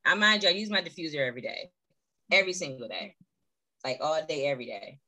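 A woman's voice: sits low, animated, quick pace, bright, forceful tone, no room sound, low-quality recording. A woman in her thirties telling a personal story as an interview guest on a video call, earnest and heartfelt, with many fillers.

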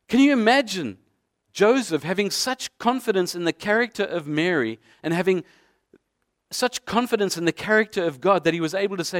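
A man's voice: sits high, expressive, a little fast. A man preaching a sermon as a pastor, painting vivid scenes through repeated rhetorical questions.

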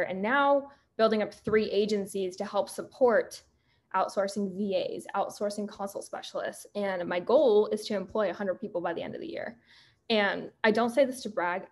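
A young woman in her twenties hosts a solo podcast and tells a personal story. She talks in an animated, chatty way and slips into other people's voices when she quotes them. Her voice sits in a middle pitch. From Pennsylvania. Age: 20s. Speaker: podcast host and fitness coach.

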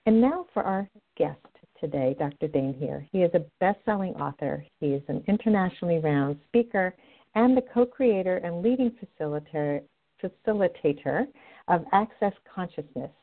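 This radio love coach, a middle-aged woman, sounds animated and speaks at a moderate pace in a lowish voice. She talks in an upbeat, direct way, and the sound is tinny, as if through a phone line.

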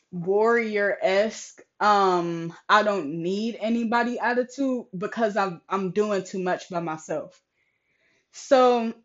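A young woman venting frankly and with exasperation in a casual vlog, swearing often and animatedly retelling conversations, with a slightly sore throat. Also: on the high side. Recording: slightly dull lo-fi recording.

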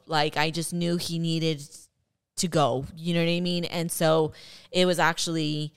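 A woman's voice: low voice, flat delivery, a little slow, clear, resonant tone. A woman co-hosting a podcast with her husband, recalling a hard family memory and chiming in to finish his sentences. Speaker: podcast co-host. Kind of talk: casual personal testimony.

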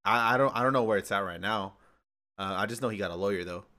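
A man's voice: lowish voice, fast talker, sharp tone. A man joining a casual podcast as a guest, bantering in a slangy, joking way.

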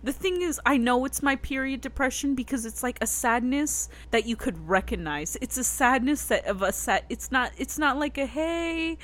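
A woman's voice: sits high, moderate pace, few pauses, a bit bright. Chatty young woman, fillers and restarts. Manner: rambling, many fillers and restarts. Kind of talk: casual chat.

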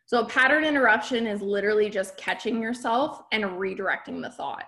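A woman's voice: medium pitch, a little fast, pushed and bright. Candid woman giving a motivational talk. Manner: candid and emphatic, often checks in with "right?". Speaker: podcast host and business coach. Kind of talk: motivational talk to a live group.

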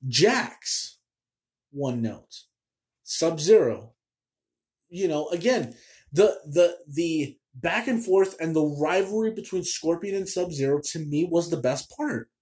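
A man's voice: fairly high pitch, animated, slow, a little mellow. A man hosting a casual movie review show, ranting in a chatty, exasperated way with lots of fillers.

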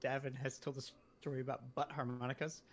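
A man's voice: medium pitch, flat delivery, fast talker. A man co-hosting a casual podcast, making dry joking asides. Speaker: podcast co-host. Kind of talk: casual chat.

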